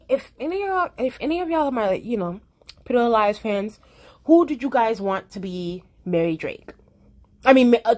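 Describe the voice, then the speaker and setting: A young woman, rambling through a casual opinion vlog and restarting her sentences often. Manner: rambling, restarts often, animated swings in pitch. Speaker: vlogger.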